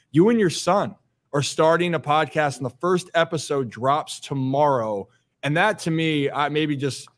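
Man asking long rambling questions. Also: medium pitch. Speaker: podcast host. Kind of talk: casual interview.

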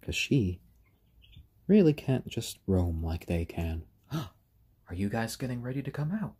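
Gentle male live-stream host; low, husky, lively in pitch. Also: unhurried. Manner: gentle, coos to the birds. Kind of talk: casual live-stream chat.

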